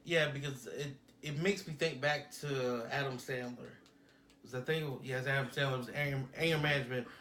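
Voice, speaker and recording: A man's voice: mid-range voice, fairly even intonation, moderate pace, bright, forceful tone, slight background noise. A man co-hosting a podcast, rambling through ideas in casual chat and acting out little scenes. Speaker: podcast co-host.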